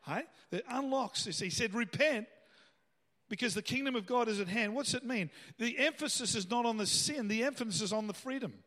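Male pastor, high voice, casual sermon with emphatic peaks, reverberant church hall. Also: fairly quick, sharp tone. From Australia. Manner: conversational preaching, rising to emphatic bursts.

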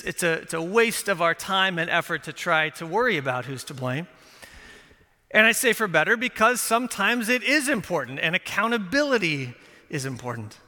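A man's voice: high-pitched, pushed and bright, long reverb tail. A man preaching a sermon as pastor, talking conversationally with folksy asides and self-corrections.

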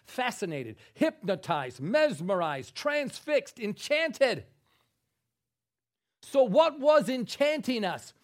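High-pitched preacher guy, animated, goes loud then real hushed, folksy jokes. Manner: animated, swings from loud exclaiming to hushed soft delivery; folksy joking storyteller. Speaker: pastor. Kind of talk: sermon with storytelling.

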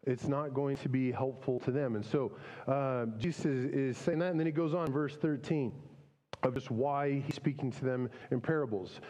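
Casual pastor with hall reverb. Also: male voice, mid-range voice, steady tone, normal speed, dark tone. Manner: conversational, many fillers and restarts. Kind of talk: casual sermon.

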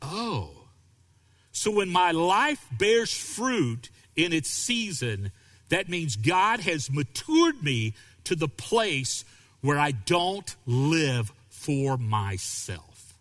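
A male pastor preaching a sermon, animated and acting out quoted voices. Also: fairly high pitch, extremely slow, in a large hall.

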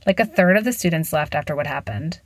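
A woman's voice: low voice, fast, dry recording. A woman voicing a skeptical, matter-of-fact teenage girl.

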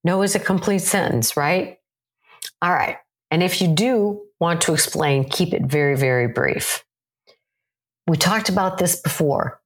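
Woman, lower register, direct and encouraging, conversational advice-giving tone. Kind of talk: advice talk to camera.

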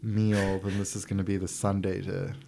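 A man's voice: sits low, monotone, normal speed, vocal fry, mellow, slight background noise. A man co-hosting a movie podcast in casual chat, with dry jokey asides. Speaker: podcast co-host.

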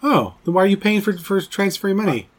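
Forties guy hosting a podcast, bit higher voice, rambly and jokey, swears some. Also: lively intonation, quick pace. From Canada. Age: 40s. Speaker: podcast host. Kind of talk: casual chat.

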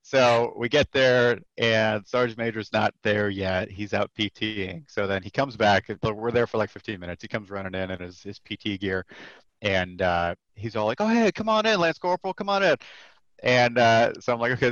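A man's voice: fairly low pitch, moderate pace, no room sound, muffled recording. A man in his thirties, a podcast guest, telling a casual story with lots of filler words and frequent laughs. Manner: animated, laughs often, many filler words. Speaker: podcast guest, comic creator.

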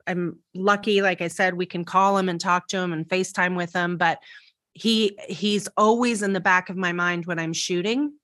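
Chatty low-voiced woman telling a story. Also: moderate pace, no echo, clean studio sound. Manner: animated, with many restarts and fillers. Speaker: podcast co-host. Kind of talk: casual storytelling chat.

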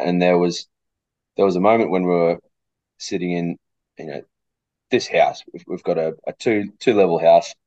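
Very low, dry-sounding coach. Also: male voice, darkish tone, no echo, muffled recording. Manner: thoughtful, repeats words as he thinks. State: coughing fit. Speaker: coach, interview guest. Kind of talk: casual interview chat.

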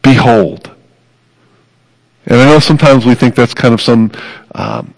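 A pastor with a slow, gravelly, medium-pitched voice delivers a sermon, preaching earnestly and emphatically with repeated phrases. The recording quality is low.

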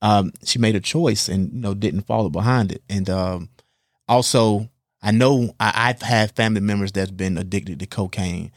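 A man's voice: fairly low pitch, normal speed, no room sound, clean studio sound. A man hosting a podcast, reassuring and encouraging his guest with a lot of fillers. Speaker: podcast host. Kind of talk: supportive interview conversation. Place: podcast studio under lights.

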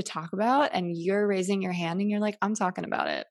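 A woman's voice: mid-range voice, fairly even intonation, a little fast, few pauses, darkish tone, no room sound, studio quality. A woman hosting a podcast from her home, talking in a gushing, casual way, swearing freely and calling her listeners y'all. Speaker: podcast host.

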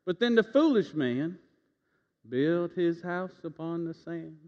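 A man's voice: fairly high pitch, animated, slow pace. A man preaching a sermon in a church, telling a folksy personal story and leading the congregation in call-and-response. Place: church sanctuary. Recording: reverberant church, dull lo-fi sound.

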